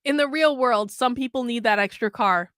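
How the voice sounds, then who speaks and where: A woman's voice: on the high side, moderate pace, a bit bright, clear, resonant tone, no room sound, clean studio sound. A woman hosting a news commentary show, reading an article aloud and mocking it sarcastically.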